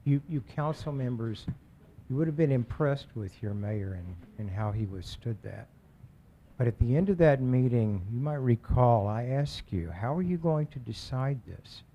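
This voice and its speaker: A man addressing a city council during public comment, earnest and measured, often restarting his words. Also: medium pitch, lively intonation, dull audio, slight background noise. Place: council chamber.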